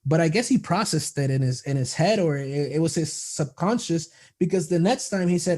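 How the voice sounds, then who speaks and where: Young male podcast guest, mellow and slightly high voice, enthusiastic and quick to laugh. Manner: enthusiastic storyteller, laughs a lot, animated quoting of others. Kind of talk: casual interview chat.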